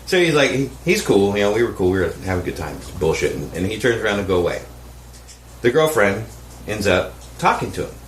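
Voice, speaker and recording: A man casually telling a story on a podcast, animated and profane, acting out the people he quotes. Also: lowish voice, a little fast, reverberant, a little hiss or hum. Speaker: podcast co-host.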